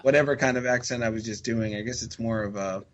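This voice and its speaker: A man's voice: mid-range voice, steady tone, fast talker, highs cut off. A man talking as a podcast guest in a rambling, chatty way full of fillers and restarts. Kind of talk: casual podcast chat.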